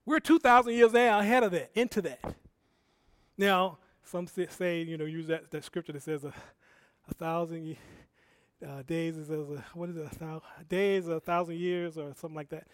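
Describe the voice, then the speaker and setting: A man delivers a sermon in a high voice, drifting between quiet, wandering asides and loud exhortations to the congregation. He corrects himself often and talks like he is chatting with them. The sound is close and dry. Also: fairly even intonation, normal speed, clear, resonant tone, no room sound. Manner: conversational and rambling, with self-corrections and laughs. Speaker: preacher.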